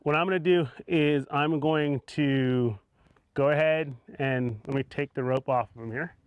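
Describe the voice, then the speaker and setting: Calm man coaching a horse. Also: on the high side, a little slow, clear, resonant tone, dry recording, dull audio. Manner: calm, coaxing, explains while working. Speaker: horse trainer. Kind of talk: instructional demonstration.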